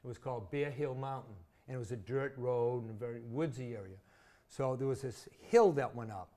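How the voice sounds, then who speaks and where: Speaking a little fast with a warm, medium-pitched voice, this retired teacher from Massachusetts, now in his sixties, spins chatty anecdotes. He pokes fun at himself as he tells them casually in an interview.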